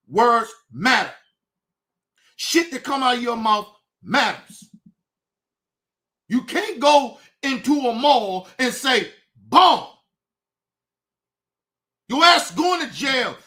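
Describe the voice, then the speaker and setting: High-voiced man ranting angrily. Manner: profane, angry, swings from muttering to shouting. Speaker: show host. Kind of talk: heated commentary rant.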